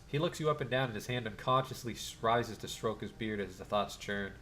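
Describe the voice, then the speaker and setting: A man's voice: fairly low pitch, fairly quick, pushed and bright, a little hiss or hum. Guy doing a let's play, reads the game text, jokes around, casual. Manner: casual and joking. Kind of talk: reading game text and commenting.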